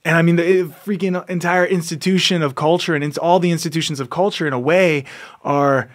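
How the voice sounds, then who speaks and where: A man with a fairly high speaking voice hosts a podcast and delivers a passionate motivational monologue straight to his listeners. He exhorts them earnestly, repeats his words as he builds momentum, and breaks into laughter now and then. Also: fairly even intonation, a little fast. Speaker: podcast host.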